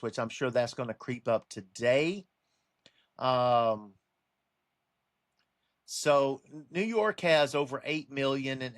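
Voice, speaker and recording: A man's voice: medium pitch, a bit bright, no room sound, studio quality. A man delivering a rambling casual monologue for his online channel, full of restarts and a warning tone. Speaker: religious commentary vlogger.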